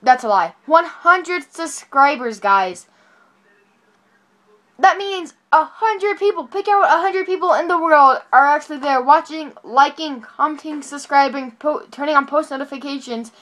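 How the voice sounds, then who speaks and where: Excited high-voiced woman vlogging from bed. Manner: excited, rambling, quick self-corrections. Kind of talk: casual vlog talking to camera. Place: on a bed at home. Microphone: phone camera.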